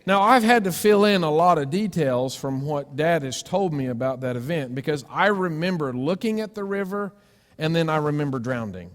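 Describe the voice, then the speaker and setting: A man preaching a sermon, telling a personal story with sudden loud cries and hushed, gentle asides. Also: fairly high pitch, lively intonation, moderate pace. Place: church sanctuary. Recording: long church reverb.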